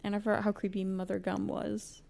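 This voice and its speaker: A woman's voice: medium pitch, flat delivery, brisk, vocal fry, warm tone. A young woman co-hosting a podcast, chatting casually about books, gushing and rambling with lots of fillers and laughter. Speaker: podcast co-host. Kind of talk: casual book chat.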